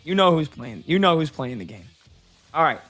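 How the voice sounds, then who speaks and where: A man's voice: fairly high pitch, lively intonation, moderate pace, a bit bright, soft background music. A man hosting a sports radio show, chatty and joking with his crew. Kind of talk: casual sports talk.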